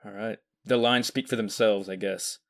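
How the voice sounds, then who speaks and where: Lower-voiced man announcing awards. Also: fairly even intonation, normal speed, vocal fry. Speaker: podcast host presenting awards.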